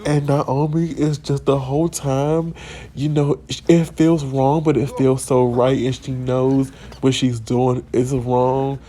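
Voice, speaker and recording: A man hosting a casual let's-play video, telling the game's drama in an excitable, gossipy way. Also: medium pitch, slow pace. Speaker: gaming video host.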